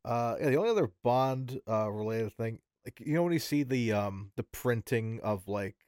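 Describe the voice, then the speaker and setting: A man co-hosting a casual film podcast, laid-back and quick to laugh. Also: medium pitch, animated, a little mellow, clear, resonant tone, no room sound, clean studio sound. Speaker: podcast co-host.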